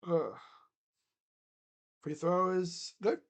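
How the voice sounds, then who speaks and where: A man streaming live play-by-play commentary, calling plays in excited bursts and then dropping into low, mumbled casual asides. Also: extremely slow.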